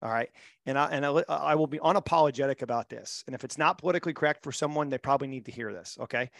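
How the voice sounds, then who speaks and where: Gravelly, blunt motivational coach. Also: male voice, medium pitch, very fast, fairly bright tone, no room sound, studio quality. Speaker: mental performance coach, guest. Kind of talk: podcast interview, storytelling.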